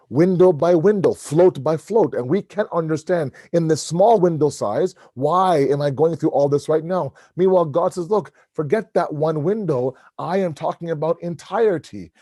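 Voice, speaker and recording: A middle-aged man preaches to a congregation in a mosque hall at normal speed, barely pausing, his voice fairly high yet mellow and warm. He relaxes into storytelling, animatedly acting out family dialogue as his children and the doctor, and the recording is close and dry with little echo.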